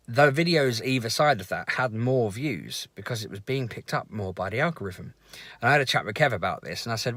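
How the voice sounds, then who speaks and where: A chatty man tells a rambling story to camera in a vlog. His lower voice has a bright, forceful edge. The sound is dry and close. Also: no room sound. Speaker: vlogger. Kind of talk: casual chat to camera.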